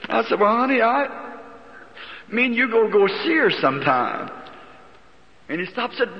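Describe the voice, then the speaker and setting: A man's voice: high-pitched, animated, moderate pace, pauses often. A middle-aged man, a preacher telling his own story in an impassioned sermon that surges into pleading. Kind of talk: sermon testimony. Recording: lo-fi old recording in a reverberant hall.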